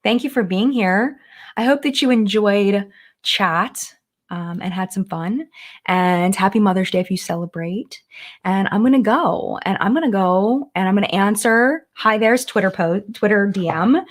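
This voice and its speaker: Woman rambling on a live chat at home, mid voice, super chatty and gushy. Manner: chatty, gushing, lots of "like"; rises into high sing-song baby talk with her dogs. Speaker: beauty YouTuber hosting a live chat. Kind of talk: casual live-stream chat.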